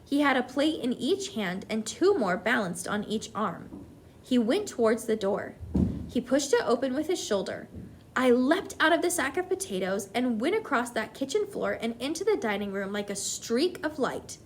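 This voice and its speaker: Animated woman teacher reading aloud. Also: fairly high pitch, moderate pace, slight background noise. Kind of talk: reading a storybook aloud to a class.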